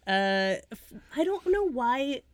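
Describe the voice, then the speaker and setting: A woman co-hosting a podcast, chatting casually about films, animated and often laughing as she trails off into asides. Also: high voice, takes it slowly, dry recording. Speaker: podcast co-host. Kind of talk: casual film chat.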